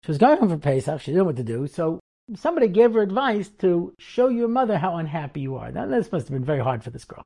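A middle-aged man, a rabbi, delivers a storytelling lecture in a soft, husky voice. His pitch swings widely as he acts out the people in his stories. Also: big pitch swings, fast. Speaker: rabbi and seminary teacher.

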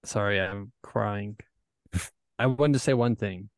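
A man co-hosting a podcast in casual chat, throwing in quick jokes and remarks. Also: lowish voice, dry recording, clean studio sound. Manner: jokey interjections. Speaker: podcast co-host.

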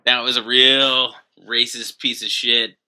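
A man's voice: medium pitch, flat delivery, a little slow, sharp tone, smooth. A man co-hosting a comedy podcast, telling wry anecdotes with casual swearing. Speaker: podcast co-host.

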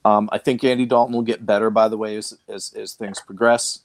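A man with a Boston accent talks sports in a relaxed podcast chat. His voice sits low and gravelly. He often stops and restarts his sentences, and the sound is close and dry. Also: no echo. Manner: halting, many restarts and fillers. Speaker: fantasy football co-host.

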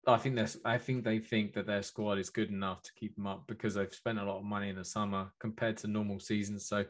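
A man's voice: lowish voice, level tone, fast talker. A man co-hosting a football podcast, reasoning through his views in casual chat.

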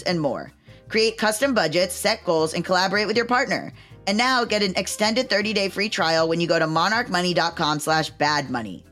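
A woman's voice: lowish voice, a bit bright. A woman podcast host doing an upbeat, enthusiastic scripted ad read.

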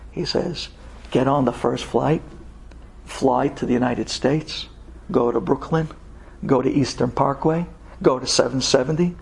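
A man telling a story in an animated sermon style, dramatic and acting out the people he quotes in raised voices. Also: mid-range voice, gravelly, husky. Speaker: religious storyteller.

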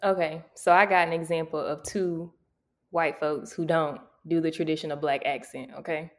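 A woman's voice: sits low, fairly even intonation, moderate pace. A woman co-hosting a casual group chat, musing and searching for her words. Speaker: podcast co-host.

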